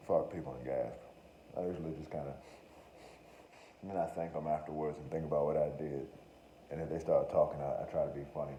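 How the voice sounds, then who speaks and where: A podcast host with a low-pitched, dark-toned voice riffs through a rambling, profane, joking monologue, often interrupting himself to say he's only playing. The recording has a roomy echo and faint room noise.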